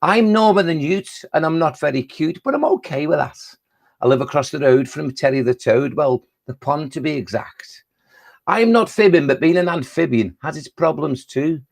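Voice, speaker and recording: A man's voice: on the high side, normal speed, creaky, darkish tone, no room sound, clean studio sound, pitched above the performer's own voice. A man voicing a plucky female newt in a raised, sing-song voice. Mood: cheeky. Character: plucky female newt, not cute, proud fan.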